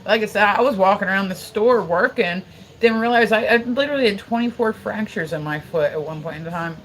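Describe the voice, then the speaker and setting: A woman's voice: mid-range voice, brisk, rough recording. A woman in her forties telling a long story on a livestream in a casual, rambling way. She swears freely, leans on "like" constantly, and breaks off to thank viewers. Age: 40s. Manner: chats to viewers between stories.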